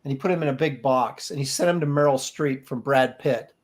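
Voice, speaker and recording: A man's voice: mid-range voice, fairly quick. A man co-hosting a casual chat, telling rambling stories and laughing often. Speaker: artist co-host.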